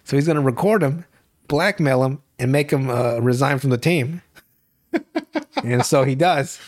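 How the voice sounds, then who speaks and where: A man's voice: medium pitch, unhurried. A young man hosting a podcast, recapping a TV show in casual, profane, rambling chat and laughing often. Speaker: podcast host.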